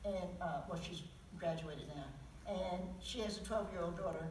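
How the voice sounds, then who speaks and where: A woman in her seventies, a poet, speaks at a normal speed in a lowish, somewhat dark voice, telling stories and reading poems to an auditorium audience at a public event. She's frank and chuckles through her asides, and the distant mic gives a roomy sound with slight background noise.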